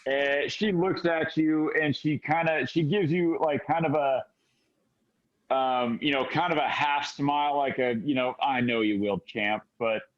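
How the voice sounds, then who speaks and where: A man narrating as game master in a tabletop game, halting and full of fillers and restarts. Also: on the high side, steady tone, muffled recording.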